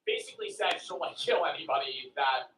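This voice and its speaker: A man's voice: a little high, wildly swooping pitch, a little fast, a bit bright, recorded from a distance, slight background noise. A man casually retelling a story on a stream, loose and profane, full of "like" fillers. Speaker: friend telling a story on stream. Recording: echoey room, away from the mic.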